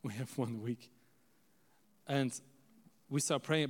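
Animated male preacher in an echoey hall. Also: medium pitch, takes it slowly, pauses often. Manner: animated, asks the audience for amens. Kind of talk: sermon storytelling.

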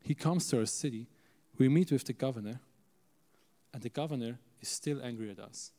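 A male preacher telling a story in an animated sermon, calling out to the audience for amens. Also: mid-range voice, brisk. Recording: echoey hall.

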